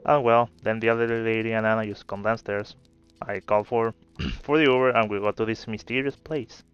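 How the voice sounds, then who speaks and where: In gameplay commentary mixed with storytelling, a man rambles in a laid-back way and swears occasionally. His voice is fairly low and smooth, with fairly even intonation and a moderate pace. The recording is a bit dull, and game music plays faintly behind him.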